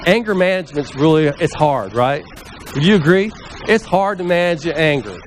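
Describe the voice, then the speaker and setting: A man's voice: a little high, animated, moderate pace, a little hiss or hum. A man preaching a conversational sermon as a pastor in a church, often asking the listeners questions and acting out the voices he quotes. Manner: chatty, asks the congregation questions, acts out quoted voices. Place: church sanctuary.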